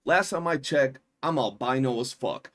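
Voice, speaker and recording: A man's voice: medium pitch, animated, moderate pace, a bit bright. A young man giving a heated, indignant commentary rant, swearing freely and stressing his points. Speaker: commentary streamer.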